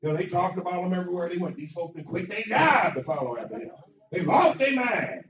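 Pastor, male, somewhat high voice, preachy with repeats, distant dull mic in an echoey sanctuary. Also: expressive, a little fast. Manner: preachy, repeats phrases, builds to shouts. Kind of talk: sermon with invitation to join the church. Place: church sanctuary.

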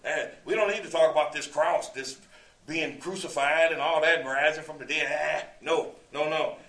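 Guy putting on an earnest disciple pushing back, coaxing, kinda high, echoey and far off. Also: normal speed, a bit bright. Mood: dismissive. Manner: coaxing, dismissive protest. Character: protesting disciple Peter, earnest adult man. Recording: echoey room, distant mic.

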